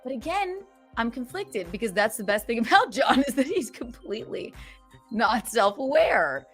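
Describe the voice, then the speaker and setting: A woman hosting a casual livestream podcast, reading super chats aloud and venting sarcastically, swearing freely and swinging from loud outbursts to low mutters. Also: big pitch swings, normal speed, faint music behind. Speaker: streamer and podcast host.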